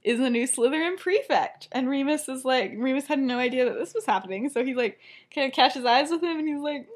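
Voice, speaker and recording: A young woman chats on her podcast in a high, light voice, rushing through a story and breaking into giggles as she goes. Her speech is loose and chatty, packed with "like" and quick asides. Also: expressive. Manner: giggly, talks in a rush full of "like" fillers. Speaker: podcast co-host. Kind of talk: casual chat retelling a fan story.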